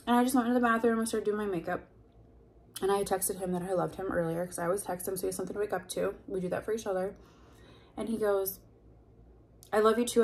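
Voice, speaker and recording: A woman's voice: medium pitch, a little mellow. Heated, candid woman venting on camera. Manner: candid and heated, heavy filler 'like', blunt swearing. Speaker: vlogger. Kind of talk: confessional storytime vlog.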